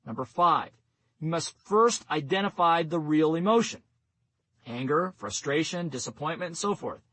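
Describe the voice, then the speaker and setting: A man narrating a nonfiction audiobook in a steady, instructive reading voice. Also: fairly high pitch, moderate pace, no room sound, rough recording. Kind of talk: scripted narration.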